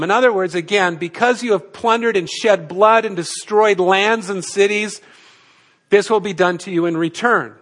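A male pastor preaching an expository sermon, teaching in a measured way and posing rhetorical questions to the congregation. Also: sits high, a bit bright.

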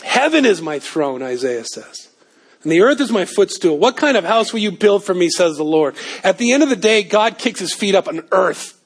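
High-voiced guy preaching a sermon, gets loud and fired up then drops down low. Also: normal speed, breathy edge. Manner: animated preaching, rising to emphatic peaks and dropping to low asides. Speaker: pastor.

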